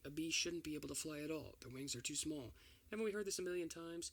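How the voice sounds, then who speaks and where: A man reading an entire film script aloud for ASMR, doing every part in one steady voice. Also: fairly high pitch, quick pace, creaky. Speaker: ASMR reader.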